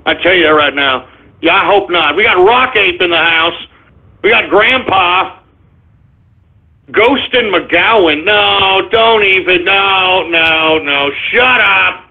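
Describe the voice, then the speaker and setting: Abrasive, high-voiced male radio host. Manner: abrasive, insulting, sarcastic. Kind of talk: live internet radio shout-outs and rant. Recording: tinny phone-like sound.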